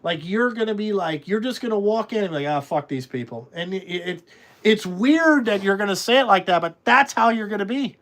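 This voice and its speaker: A man's voice: sits high, brisk, fairly bright tone. A man who runs a trucking business, talking in a blunt, rambling way and swearing freely in casual podcast conversation. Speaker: trucking company owner.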